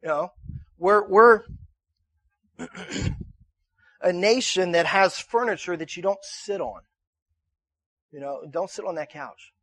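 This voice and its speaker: Pastor, male, 30s, high voice, dry close sound, chatty sermon delivery. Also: slow pace, long pauses, no room sound. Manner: conversational, repeats himself, builds to shouting in anecdotes. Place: church auditorium.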